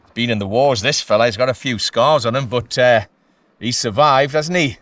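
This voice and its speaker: A man, chatting excitedly to the camera from his kayak while fishing at sea, often laughing. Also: mid-range voice, normal speed, no room sound. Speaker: kayak angler filming his fishing trip. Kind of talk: casual vlog commentary. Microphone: action camera mic.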